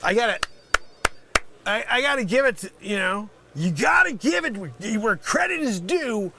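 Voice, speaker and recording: A brash male scam caller who shouts insults and then drops to a mutter, played by a man in a comedy sketch. His voice sits very high and lively, swooping up and down. The tone is bright and cutting, with faint hiss underneath. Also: moderate pace, heavily acted. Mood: deflated. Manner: yelling, insulting, swings from loud to mumbled.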